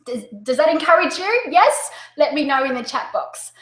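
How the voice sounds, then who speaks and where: Excitable Australian woman with a high bright voice. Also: roomy sound, rough recording. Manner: excitable, upbeat, talks fast. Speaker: direct sales coach. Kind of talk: webinar presentation.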